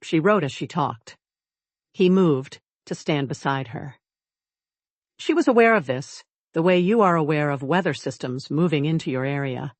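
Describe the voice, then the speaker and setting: A narrator reading a romance audiobook in a measured, wry storytelling manner. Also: medium pitch, no echo.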